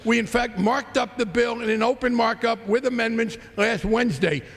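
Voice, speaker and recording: During a floor debate, a congressman delivers a sarcastic, combative rebuttal in a large legislative chamber with long reverb. He speaks at normal speed in a very high-pitched, fairly bright voice touched with vocal fry.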